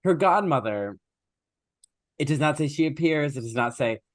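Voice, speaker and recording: A man co-hosting a podcast, casually retelling a fairy tale and briefly acting out its characters in quick little voices. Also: a little high, no echo, clean studio sound. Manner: animated, acts out characters in quick voices, laughs often. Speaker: podcast co-host. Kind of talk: casual chat, retelling a story.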